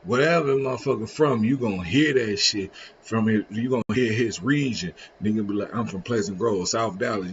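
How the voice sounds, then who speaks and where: A man's voice: fairly low pitch, dull audio, a little hiss or hum. A man casually reacting on a live stream, rambling in slang with frequent restarts. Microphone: streaming setup.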